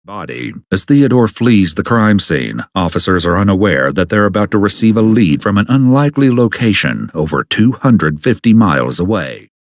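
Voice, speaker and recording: Male narrator, low dry voice, grave scripted true-crime read. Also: very animated, dry recording. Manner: measured, grave, dramatic delivery.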